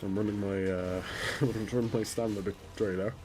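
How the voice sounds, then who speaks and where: Deep-voiced man swearing over gameplay. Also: steady tone, brisk. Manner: frustrated swearing, talking to himself. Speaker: gaming streamer. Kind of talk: live gameplay commentary. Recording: game music in background. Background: game music.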